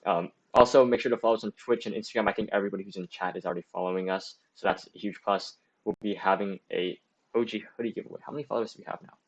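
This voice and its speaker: A man's voice: lowish voice, steady tone, rapid-fire, lo-fi sound. A young man, a student streamer, giving casual advice and answering chat, rambling with lots of fillers and restarts.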